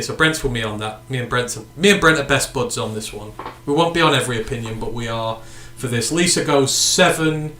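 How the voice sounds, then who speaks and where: A man from the United Kingdom co-hosts a casual sports podcast, chatting and reading out viewer comments and sign-offs. His mid-range voice has a fairly bright tone. The sound is roomy, with a little hiss or hum.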